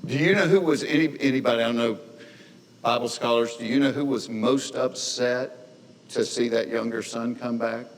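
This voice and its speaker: A man's voice: medium pitch, steady tone, normal speed. A middle-aged man speaking to an audience at a men's gathering, retelling a story in a folksy, conversational way and slipping into different voices for the characters. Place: large hall with audience. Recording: long hall reverb, faint noise.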